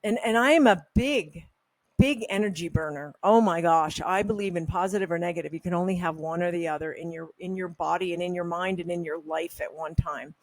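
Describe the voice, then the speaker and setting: A woman's voice: fairly low pitch, fairly quick, no room sound. Candid, opinionated woman on a vlog. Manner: candid and opinionated, rambling storytelling. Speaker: health supplement brand host. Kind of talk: casual talking-head monologue.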